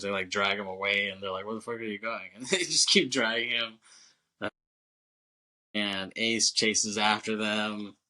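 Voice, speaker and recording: A man's voice: lowish voice, pushed and bright, poor audio. A male podcast co-host recapping a movie in loose, casual chat, full of fillers, swearing and chuckles.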